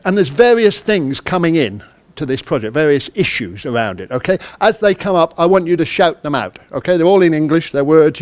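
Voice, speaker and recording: A man's voice: on the high side, darkish tone. Chatty English man talking to an audience. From United Kingdom. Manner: chatty, self-deprecating, quizzes the audience. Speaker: conference speaker. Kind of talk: interactive conference talk. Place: conference hall.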